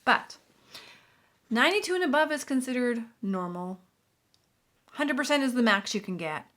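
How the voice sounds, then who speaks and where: A woman's voice: on the high side, expressive, moderate pace, fairly bright tone. A woman who is a nurse and has a Southern US accent, explaining a clinical topic in a chatty commentary video. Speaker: nurse reacting to news clips.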